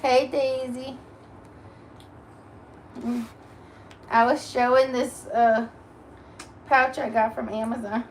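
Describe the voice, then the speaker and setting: A woman's voice: a little high, level tone, takes it slowly, long pauses, a little hiss or hum. A woman hosting a casual live stream from home on her phone, chatting with viewers and cooing baby talk to her dog. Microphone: phone camera.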